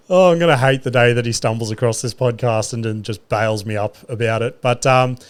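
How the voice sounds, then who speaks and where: A man in his thirties hosts a laid-back solo podcast. He talks in a middle pitch, close to the mic, and spins profane, exasperated stories punctuated by wry laughter. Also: moderate pace, long pauses, smooth. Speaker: podcast host. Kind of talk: casual solo podcast monologue.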